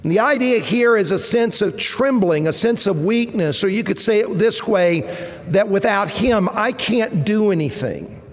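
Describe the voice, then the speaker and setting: A man in his fifties preaching a sermon, earnest and measured, his voice swelling at points of emphasis. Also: sits high, lively intonation. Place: church sanctuary. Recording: long reverb of a church hall.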